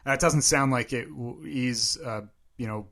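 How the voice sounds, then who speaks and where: A man's voice: medium pitch, unhurried, a bit bright. Male co-host, casual and dry-witted, easy conversational pace. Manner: dry, joking asides. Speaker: podcast co-host. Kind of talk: casual chat.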